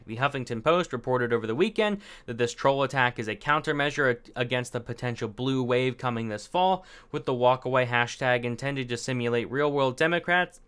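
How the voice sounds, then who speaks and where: Bright, clear-voiced young man ranting casually. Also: fairly high pitch. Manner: chatty and sarcastic, with filler words and frequent laughs. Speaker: political commentary host. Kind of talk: casual commentary reading and reacting to articles.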